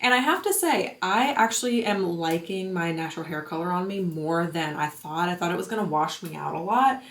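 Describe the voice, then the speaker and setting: A woman's voice: fairly low pitch, animated, brisk, hardly any pauses, reverberant. A woman in her twenties chatting casually for her vlog, bubbly and full of "like" and "um", a bit out of breath at the gym. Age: 20s. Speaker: lifestyle vlogger.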